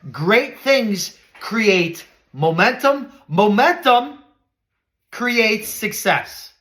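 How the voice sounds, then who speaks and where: A middle-aged man with a fairly high voice delivers a motivational podcast talk. He speaks earnestly, in a preacherly way, and swings between quiet, reflective lows and raised, emphatic highs. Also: lively intonation, very slow. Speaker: podcast host.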